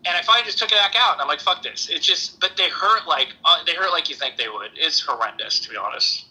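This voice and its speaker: Husky, bright-voiced man telling crude stories. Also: fairly high pitch, animated, fast, rough recording. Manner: profane, rambling anecdotes with restarts. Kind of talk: casual storytelling chat.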